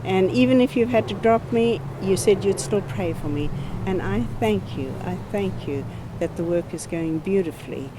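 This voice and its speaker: A woman's voice: medium pitch, moderate pace, background noise. An older woman from Africa, giving an earnest, heartfelt missionary update and repeating her thanks. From South Africa. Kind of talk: personal ministry update.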